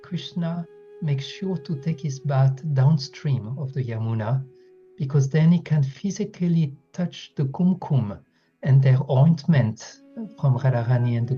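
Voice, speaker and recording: Very dark-voiced man explaining calmly. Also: mid-range voice. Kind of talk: devotional talk. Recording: dull lo-fi sound, soft music behind.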